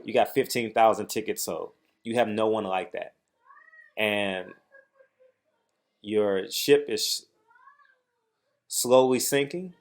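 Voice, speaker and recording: A man's voice: lowish voice, slow pace, pauses often. A man hosting a heated boxing commentary vlog, speaking in an agitated, emphatic way and repeating phrases for stress. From United States. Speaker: boxing commentator, channel host.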